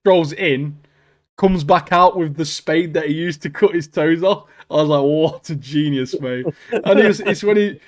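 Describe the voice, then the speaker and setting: A man's voice: on the high side, moderate pace. A man, co-hosting a podcast in casual chat, laughing often and calling people mate. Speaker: podcast co-host.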